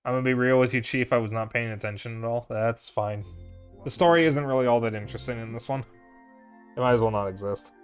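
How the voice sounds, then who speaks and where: A young man talks through a game stream in a loose, candid way, swearing freely and drifting between thoughts with plenty of "uh"s. His pitch sits in an ordinary middle range. Soft music plays faintly underneath. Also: fast talker, clear, resonant tone. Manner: candid, profane, rambling with fillers. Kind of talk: casual gameplay commentary.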